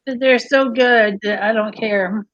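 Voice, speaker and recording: A woman's voice: on the high side, fairly even intonation, measured pace, dry recording. A woman hosting a casual livestream, chatty, giggly and rambling, on dry, slightly dull audio. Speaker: livestream host.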